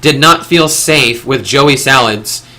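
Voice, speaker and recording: Bright-voiced young man rambling earnestly. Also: mid-range voice, slow. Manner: rambling, earnest, with frequent restarts. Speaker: discussion host. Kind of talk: casual panel discussion.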